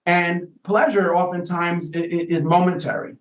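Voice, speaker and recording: A man's voice: sits high, steady tone, normal speed, a bit bright. A rabbi talking with a podcast host, explaining ideas thoughtfully and often repeating words as he searches for the right phrasing. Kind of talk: casual explanatory conversation. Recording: echoey room.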